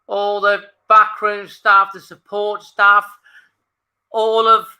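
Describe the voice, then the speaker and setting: A middle-aged man hosts a live football fan stream. His voice sits a little high and comes across bright and forward, but his pitch barely moves. He talks casually and emotionally, holding back tears and repeating phrases. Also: completely flat delivery, slow pace. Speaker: fan channel host. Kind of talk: live match watchalong commentary.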